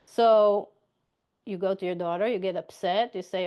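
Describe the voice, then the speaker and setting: A woman's voice: mid-range voice, fairly even intonation, normal speed, muffled recording. A woman giving a motivational coaching talk, chatty, repeating her points and checking in with "okay?".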